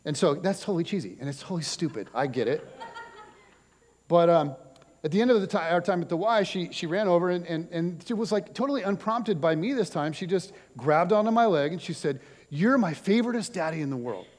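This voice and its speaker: A middle-aged male pastor with a slightly raised pitch, talking through his sermon in a loose, chatty way full of little asides and dry jokes. His voice rings out with a long reverb from a church hall. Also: animated, fairly quick. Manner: casual and chatty, with many fillers and wry jokes. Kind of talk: conversational sermon. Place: church auditorium.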